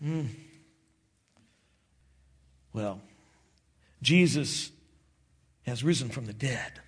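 A man preaching a sermon, expressive and slowing down for emphasis. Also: mid-range voice, breathy edge. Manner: expressive preaching, acts out disciples' voices, slows for emphasis. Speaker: pastor.

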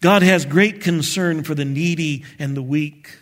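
High-voiced animated male pastor preaching. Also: a little slow. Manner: animated, acts out prayers, chuckles at himself. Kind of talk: sermon.

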